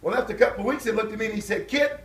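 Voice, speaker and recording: An older man telling his life story to a church audience, animated and acting out voices and shouts. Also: high voice, very fast. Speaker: guest speaker. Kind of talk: storytelling testimony at a church event. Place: church hall. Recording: echoey hall from far off.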